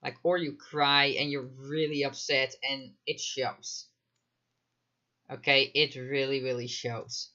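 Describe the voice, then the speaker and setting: A man's voice: mid-range voice, level tone, takes it slowly, sharp tone, dull audio. A man commenting live in a casual chat, emphatic, firing off rhetorical questions and frequent fillers. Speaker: mental health commentator.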